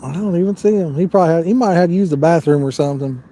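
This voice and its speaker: A man's voice: on the high side, very fast, dark tone, slight background noise. Easygoing man chatting on a fishing stream. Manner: rambling, easygoing, reads viewer comments aloud. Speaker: fishing livestream host. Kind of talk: casual live-stream chat. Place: outdoors at a fishing spot.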